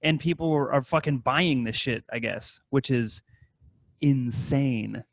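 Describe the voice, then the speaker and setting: In a dry recording, a gravelly-voiced podcast co-host takes his time rambling through a story. His casual talk is loaded with heavy swearing, and he mimics scammers in high voices.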